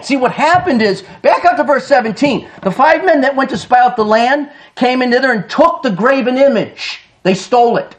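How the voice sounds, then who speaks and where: A man's voice: very high voice, moderate pace. A man preaching a sermon. He reads old-style scripture aloud with emphasis and addresses his listeners as folks.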